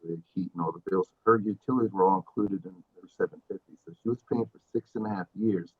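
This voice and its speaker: A man's voice: low-pitched, fast, narrow, tinny audio. A man speaking as a landlord at a public hearing over a video call, defensive and repetitive. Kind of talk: public meeting testimony.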